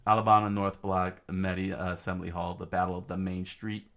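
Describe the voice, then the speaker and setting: A man reading a comic aloud in a casual, halting way, with many fillers and asides about the panels. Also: deep voice, level tone, a bit bright. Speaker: reader of a comic.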